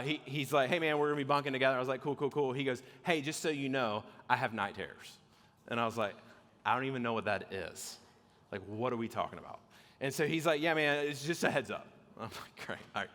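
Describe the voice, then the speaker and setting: A young man telling a story as a pastor in a sermon, animated and acting out scenes with shouts and laughter. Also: medium pitch. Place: church hall. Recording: hall reverb with faint music.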